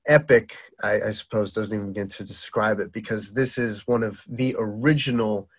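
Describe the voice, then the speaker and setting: A man in his thirties with a Boston accent, a guest telling stories in casual chat, lively and full of asides. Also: lowish voice, normal speed. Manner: lively storyteller who acts out quotes with filler-heavy asides.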